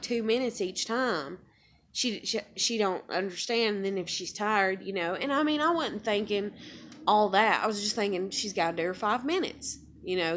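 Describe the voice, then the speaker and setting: A woman's voice: mid-range voice, fairly bright tone. A woman telling a painful family story in a confessional vlog, emotional and full of swearing, often getting sidetracked. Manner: emotional, heavily profane, rambling. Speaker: vlogger.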